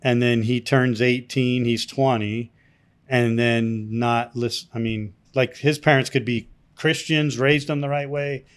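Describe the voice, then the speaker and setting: A man's voice: medium pitch, fairly even intonation, unhurried. A man co-hosting a podcast, rambling through his points with many restarts. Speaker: podcast co-host. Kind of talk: casual chat.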